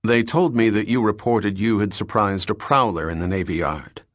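A man voicing a polite, skeptical detective who speaks in a courteous, measured way. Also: lowish voice, no echo, studio quality, close to an everyday voice.

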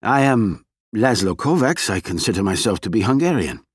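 A man's voice: lowish voice, very animated, moderate pace, slightly rough, no room sound, clean studio sound. A man voicing a wary, anxious male professor in an audiobook reading. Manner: anxious, questioning. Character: wary, startled older male Hungarian professor.

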